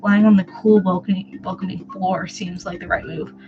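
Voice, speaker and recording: A woman's voice: lowish voice, level tone, normal speed. Woman streamer, giggly and flustered, narrating a dating sim; muffled lo-fi audio with music behind. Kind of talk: reading a dating sim aloud to chat. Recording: dull lo-fi sound with music behind.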